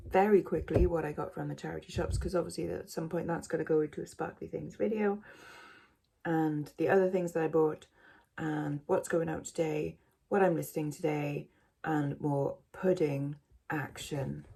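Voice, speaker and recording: A woman's voice: low voice, steady tone, moderate pace, gravelly, warm tone, husky. A woman vlogging casually from home, rambling and self-mocking, with many fillers. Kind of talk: casual chat to camera.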